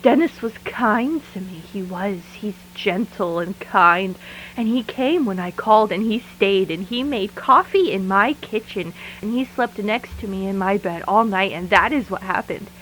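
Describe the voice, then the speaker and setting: A woman's voice: mid-range voice, measured pace, close to an everyday voice, low-quality recording. A woman voicing a tired, frightened woman talks into her tape recorder in an audio drama, her mid-range voice close and confiding. A faint hiss runs under the recording. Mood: shaken. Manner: hushed and confiding, then rattled and angry. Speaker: lead character of an audio drama.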